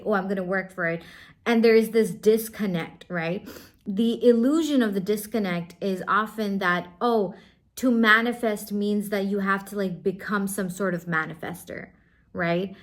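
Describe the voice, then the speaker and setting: A woman's voice: mid-range voice, a bit bright. A young woman giving a casual motivational talk as a spiritual coach, chatty, full of "like" and "right?" and acted-out quotes.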